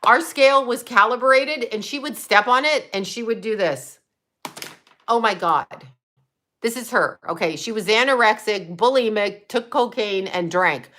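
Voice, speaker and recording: Blunt, cussing middle-aged woman from Canada, host of a chatty livestream, bright forceful tone. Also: a little high. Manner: blunt, profane, fast-shifting rant with laughs. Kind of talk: casual livestream rant.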